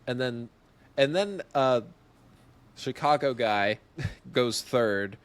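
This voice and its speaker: Guesting on a podcast, this young man tells an anecdote casually and with lots of energy, breaking into laughter and playing out people's lines. His voice is mid-range and he takes his time.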